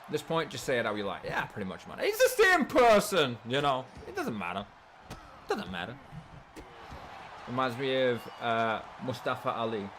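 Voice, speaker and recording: An English man casually commentating a wrestling game on a live stream, excitable and swearing freely, often repeating his words. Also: mid-range voice, normal speed, slight background noise. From England.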